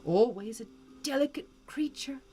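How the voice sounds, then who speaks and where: A woman voicing a calm, probing spirit. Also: on the high side, moderate pace, faint music behind, lightly acted. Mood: solemn.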